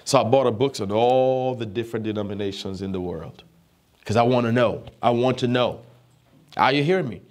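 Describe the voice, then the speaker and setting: This non-native English-speaking pastor preaches with emphatic repetition, frequently checking whether the congregation is listening. His mid-range voice has a darkish tone, and he talks a little fast.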